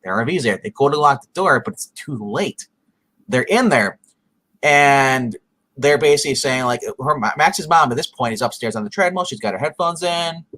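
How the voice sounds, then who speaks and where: Guy recapping a show, gets animated, jumps into little character voices, mid pitch. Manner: animated retelling, acting out scenes with quick voices. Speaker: podcast co-host. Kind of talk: casual review chat.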